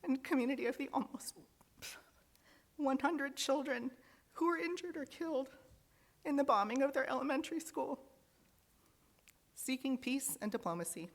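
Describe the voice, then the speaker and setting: A woman's voice: sits high, moderate pace, long pauses, long reverb tail. A woman leading a congregation service, reading out joys and sorrows in an earnest, heartfelt way. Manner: earnest, reading aloud, emotional at times. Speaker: lay worship leader. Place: large fellowship hall.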